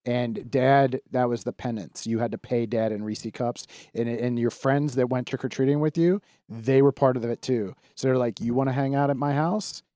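Mellow-voiced male comedian co-host. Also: medium pitch, fairly even intonation, normal speed, hardly any pauses, no echo. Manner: laughs often, jokey asides. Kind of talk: casual chat.

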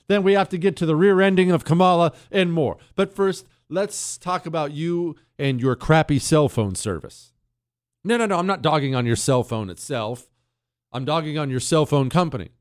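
A man's voice: fairly high pitch, animated, moderate pace, no echo, studio quality. A man hosting a radio talk show, brash and sarcastic, reading ads and listener mail and laughing along. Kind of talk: talk radio monologue with ad reads. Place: radio studio. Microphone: studio mic.

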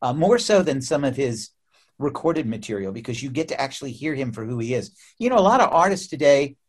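A middle-aged American man, a musician guest in an interview, telling stories in an animated way, often restarting and laughing. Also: mid-range voice, brisk. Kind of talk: casual interview storytelling.

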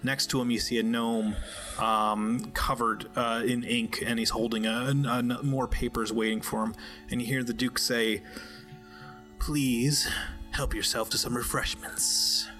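A man leads a tabletop game as its game master, narrating scenes in a bright, forward voice. His delivery stays flat and even, broken up by ums and uhs as he builds each scene. Soft music plays underneath. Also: medium pitch. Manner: halting narration with many fillers.

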